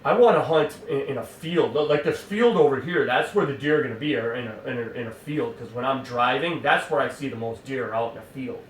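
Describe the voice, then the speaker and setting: A man's voice: mid-range voice, a little fast, few pauses, roomy sound, distant mic, slight background noise, lightly acted, poor audio. A man putting on a whiny, frantic rookie hunter. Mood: stubborn. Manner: whiny and insistent, then frantic. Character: green first-time male hunter, stubborn and excitable.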